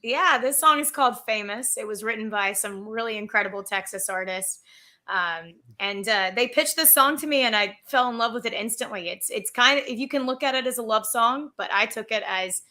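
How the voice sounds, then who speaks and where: A woman's voice: a little high, fairly quick, pushed and bright. A woman singer being interviewed, answering in a friendly, eager way with frequent giggles. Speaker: singer guest.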